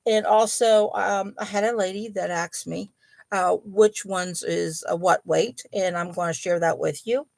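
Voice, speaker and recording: A middle-aged woman hosting a relaxed home chat, unhurried and rambling, full of ums and little apologies. Her voice has a gravelly, fry-edged texture, and the sound is close and dry with no room echo. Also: fairly low pitch. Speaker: host of a yarn and crochet channel. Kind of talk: casual live chat.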